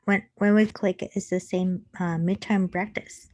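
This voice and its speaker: Female student, slow, halting question with fillers, dry sound. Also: medium pitch, steady tone, darkish tone, dry recording. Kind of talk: asking a question in class.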